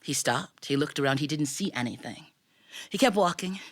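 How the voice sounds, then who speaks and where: A woman's voice: low-pitched, moderate pace. A woman telling a family story live, chatty and quizzing her audience. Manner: lively, chatty, asks the audience questions. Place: recording studio with live audience.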